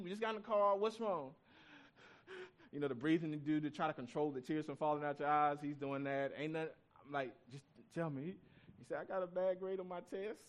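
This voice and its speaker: A man in his thirties preaching a sermon in a church, telling a personal story in a loose, conversational way and climbing up in pitch whenever he presses a point. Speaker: pastor.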